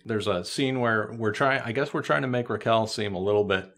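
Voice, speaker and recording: A man's voice: lowish voice, fairly quick, a bit bright. A man co-hosting a podcast, recapping a TV episode in casual chat with dry, joking asides. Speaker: podcast co-host.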